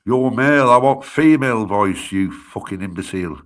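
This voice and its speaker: Brief: lowish male, blunt heckler, swears constantly. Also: expressive, moderate pace, fairly bright tone. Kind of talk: casual stream banter.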